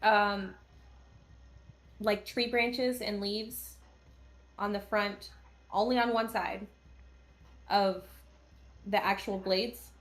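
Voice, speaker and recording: A woman playing a tabletop game, speaking politely, deliberately and directly. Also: medium pitch, fairly even intonation. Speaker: player.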